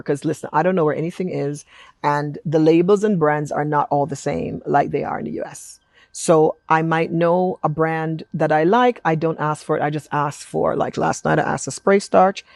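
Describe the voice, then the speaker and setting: A middle-aged woman from Jamaica with an American accent, telling stories in a chatty, animated vlog and acting out quotes. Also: deep voice, normal speed, creaky, no echo. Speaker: vlogger and apostle. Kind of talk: casual storytelling vlog.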